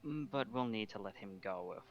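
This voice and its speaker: A man's voice: lively intonation, brisk, close to an everyday voice. Man whispering as a scheming female vampire. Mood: conspiratorial. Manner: low conspiratorial whisper. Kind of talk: whispered role-play. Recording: muffled lo-fi mic with faint hiss.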